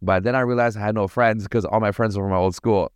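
A man from Toronto, a podcast guest telling stories in a casual, animated, slangy way. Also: fairly low pitch, fast talker, no room sound, studio quality. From Toronto, Canada. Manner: animated, slangy, acts out voices in his anecdotes. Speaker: podcast guest, party promoter. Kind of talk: casual storytelling.

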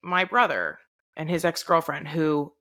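A woman's voice: low voice, sing-song, measured pace, pushed and bright. A young woman co-hosting a podcast, chatting casually and acting out quoted dialogue as she tells a story. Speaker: podcast co-host. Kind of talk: casual chat.

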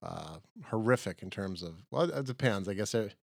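A man co-hosting a comedy podcast with a somewhat low voice. He rambles in a loose, joking way, and the close mic leaves the sound dry. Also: expressive, normal speed, gravelly, breathy edge, no echo. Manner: rambling, jokey, easygoing talk with playful tangents. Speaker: podcast co-host.

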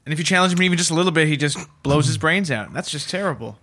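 An eager co-host on a comedy podcast, prodding the guest along. He talks fast in a high, bright voice. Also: animated. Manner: eager, quick to prompt the guest. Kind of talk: comedy interview banter.

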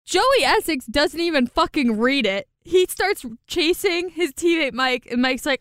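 A woman co-hosting a casual podcast recap, animated and laughing often. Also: sits high, normal speed, few pauses, no echo, studio quality. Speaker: podcast co-host.

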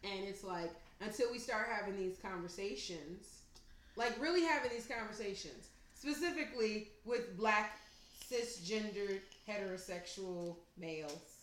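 A woman co-hosting a casual chat, telling stories in an animated way with big swings between loud and soft and frequent laughs. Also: mid-range voice, a little slow, slight background noise. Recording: echoey room.

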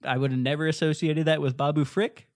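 A man's voice: a little high, level tone, brisk, dry recording, studio quality. A man co-hosting a podcast, chatting with enthusiasm and lots of fillers and restarts. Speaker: podcast co-host. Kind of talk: casual chat.

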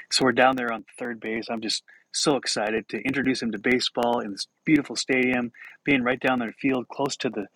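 A man's voice: medium pitch, a bit bright, poor audio. A middle-aged man hosting a podcast, telling self-mocking stories and laughing through them. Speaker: podcast host. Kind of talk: storytelling monologue.

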